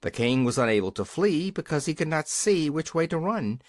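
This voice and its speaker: A man's voice: on the high side, sing-song, moderate pace, dry recording, clean studio sound. A man reading a children's fantasy storybook aloud, giving the characters their own voices. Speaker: audiobook narrator. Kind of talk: scripted storybook narration.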